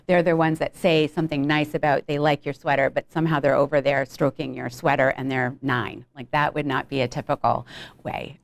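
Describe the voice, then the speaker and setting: Woman, low pitch, clinical lecture, conversational, frequent ums. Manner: conversational, frequent ums, acts out brief examples. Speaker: pediatric behavioral health clinician presenting.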